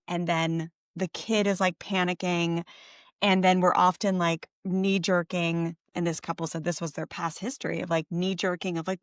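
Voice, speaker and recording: A woman's voice: on the low side, steady tone, moderate pace, fairly bright tone, no room sound, clean studio sound. A middle-aged woman co-hosting a parenting podcast, telling a story in a chatty, casual way with lots of fillers and self-corrections.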